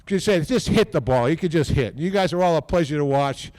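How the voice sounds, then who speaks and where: A man speaking at a podium microphone during an induction ceremony, rambling informally, repeating himself and tagging lines with a quick "okay?". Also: on the high side, animated, a little mellow, dry recording. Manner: repeats words and restarts often. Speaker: team executive giving induction speech.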